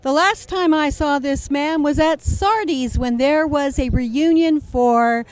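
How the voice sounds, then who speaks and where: A woman interviewing guests on a gala red carpet, her voice high-pitched. She talks with gushing enthusiasm, introducing each guest with excitement. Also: takes it slowly, no room sound, rough recording.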